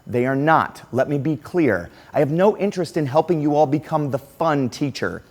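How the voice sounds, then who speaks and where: A middle-aged man giving a conference keynote, telling a classroom story and acting out the quotes. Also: moderate pace. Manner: animated, acts out quotes with lively pitch swings. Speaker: keynote speaker.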